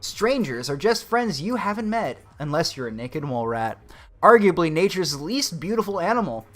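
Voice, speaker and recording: A man's voice: fairly high pitch, very animated, normal speed, a bit bright, faint music behind. Sarcastic, profane male streamer ranting. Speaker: livestream host. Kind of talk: casual livestream commentary.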